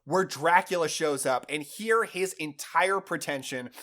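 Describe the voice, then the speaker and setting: A man giving a casual, enthusiastic film review, chatty and excited about what he describes. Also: fairly high pitch, measured pace.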